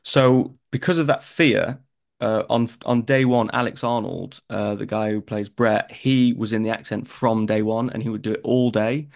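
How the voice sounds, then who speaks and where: A young man from northern England with a Northern English accent, an actor chatting in an interview and telling stories in a lively way. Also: fairly low pitch, moderate pace, vocal fry. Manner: chatty, animated storytelling. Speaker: actor guest. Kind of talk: casual interview chat.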